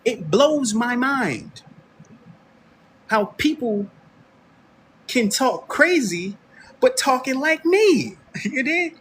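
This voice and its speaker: A man's voice: very high voice, sing-song, extremely slow, pauses often, fairly bright tone, slight background noise. An American man hosting an online radio show, delivering a confrontational, preachy commentary monologue straight at his listeners. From United States.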